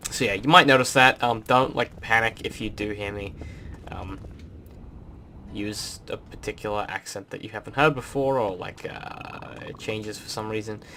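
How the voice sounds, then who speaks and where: A man's voice: fairly low pitch, a little hiss or hum. Rambling Australian man narrating gameplay. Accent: Australian, mixed with British. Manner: rambling, relaxed, many ums. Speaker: let's play host. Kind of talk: casual gameplay commentary.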